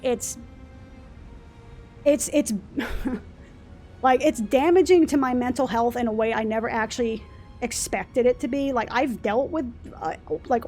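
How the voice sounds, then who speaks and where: A woman ranting in casual chat over gameplay, exasperated, quick to swear and act out customers. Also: fairly high pitch, a little mellow. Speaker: let's play host.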